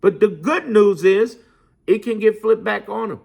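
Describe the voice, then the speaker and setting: A man's voice: sits high, measured pace, vocal fry, darkish tone. A man giving an impassioned, profane political monologue, repeating lines for emphasis and preaching motivation. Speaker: political commentator.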